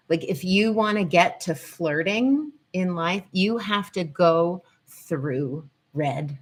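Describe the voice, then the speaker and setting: A woman hosting a live-stream lesson, chatting and greeting viewers as she goes. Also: lowish voice. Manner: chatty, digressive, greets viewers mid-talk. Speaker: host and teacher on the nervous system. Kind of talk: live-stream teaching talk. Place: at home in Colorado.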